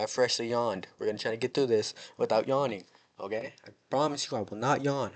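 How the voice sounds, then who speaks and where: A young man from the United States talks through a wrestling show in a loose, rambling way. He jokes around, drifts between mock drama and everyday chat, and sits at an ordinary pitch for a man. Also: steady tone, fairly quick. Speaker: wrestling show recap host. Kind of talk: casual chat.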